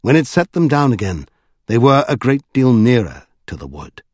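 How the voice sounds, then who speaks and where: A male narrator reads a novel aloud in steady, measured scripted narration. The voice sits at a middle pitch, and the recording is dry and close with no room sound. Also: dry recording. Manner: measured storytelling. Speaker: audiobook narrator.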